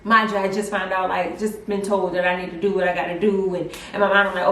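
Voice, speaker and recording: A young woman telling a personal story in a casual vlog, chatty and animated with lots of fillers. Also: medium pitch, brisk, few pauses, slight background noise. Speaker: vlogger. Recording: roomy echo, mic at a distance.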